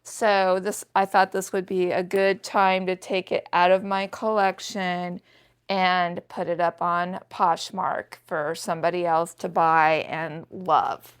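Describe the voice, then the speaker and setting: A woman's voice: on the low side, level tone, slow pace, smooth. A woman in her sixties chatting to viewers in a casual haul vlog, showing off thrifted handbags with chatty enthusiasm. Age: 60s. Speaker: thrift reseller vlogger.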